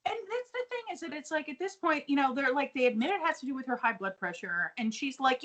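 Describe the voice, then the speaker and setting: A young woman co-hosting a casual podcast recap, animated and swearing freely as she acts out characters. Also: high-pitched, quick pace, few pauses. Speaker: podcast co-host.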